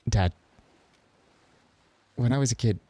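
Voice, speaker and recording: A man playing a character in a tabletop game, speaking quietly and joking often. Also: mid-range voice, slow, husky, no echo. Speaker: player. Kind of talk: casual tabletop play.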